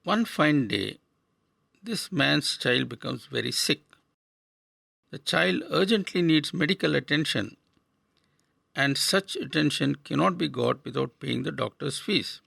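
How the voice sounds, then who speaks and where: An older man from India giving a scripted spiritual radio talk in a measured, earnest way, asking rhetorical questions. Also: fairly high pitch, animated, gravelly, bright, forceful tone, slightly rough, dry recording. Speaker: radio speaker.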